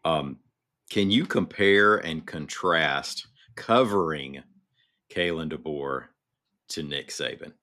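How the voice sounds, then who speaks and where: A man's voice: rumbling low, slow, sharp tone. A man hosting a podcast, chatting casually and asking his guest questions. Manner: conversational, asks questions. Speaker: podcast host. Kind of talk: casual conversation.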